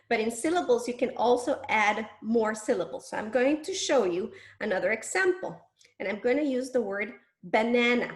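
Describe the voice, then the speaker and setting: A woman with a fairly high voice demonstrates early reading steps, stretching words into syllables with exaggerated care. She is patient and encouraging. Her voice rings in an echoey room. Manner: exaggerated mouth movements, sounding out syllables. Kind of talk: demonstration lesson.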